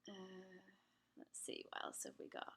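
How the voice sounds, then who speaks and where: Speaking at a moderate pace with a slightly bright tone, this Englishwoman runs a pet channel and hosts a live stream from her daylit home. She chats casually while reading out and answering comments from viewers.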